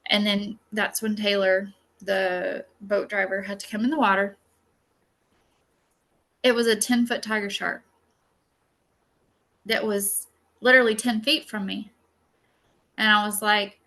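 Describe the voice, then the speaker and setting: Woman, bright tone, chatty storyteller, casual class teacher, filler words. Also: medium pitch. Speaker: psychic healer and masterclass teacher. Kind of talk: casual spoken lesson with a personal story.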